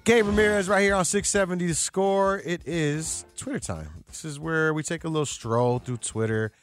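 With faint music behind him, a man with a slightly high voice talks sports on the radio at normal speed. He speaks into a studio microphone in a joking, slangy, casual way.

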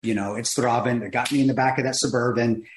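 A man, a guest, telling his injury story in casual chat, laughing and animated. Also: medium pitch, quick pace. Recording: roomy echo.

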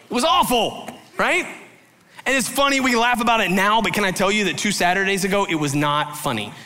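A man's voice: high voice, fast talker, pushed and bright, big-room sound. A male pastor preaching a candid sermon, telling a personal story in loose, filler-heavy talk and acting out quotes.

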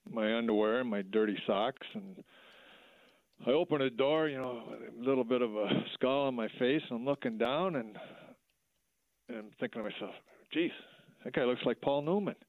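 A middle-aged former hockey player telling a story in a halting way, full of fillers and restarts, over a phone line. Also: male voice, mid-range voice, no echo. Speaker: former minor league hockey player, guest. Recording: tinny phone line, dry.

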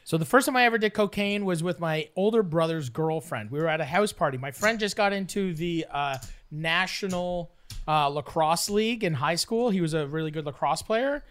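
A man's voice: fairly high pitch, expressive, normal speed, smooth. A man from Canada telling a rambling, profane story in a casual podcast chat, acting out other people's voices. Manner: rambling, profane, acts out voices with loud yelps.

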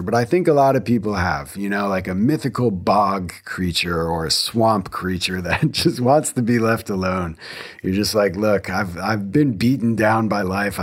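A man in his thirties hosting a solo podcast from his home garage, talking casually, eagerly and with lots of restarts. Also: medium pitch. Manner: enthusiastic, rambling, self-interrupting. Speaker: podcast host.

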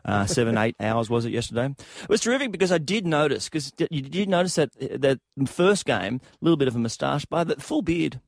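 A man's voice: a little high, big pitch swings, fairly quick, vocal fry, hardly any pauses, dry recording, studio quality. A man hosting a rugby podcast, teasing his co-hosts in an easygoing way. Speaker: podcast host. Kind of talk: casual podcast banter.

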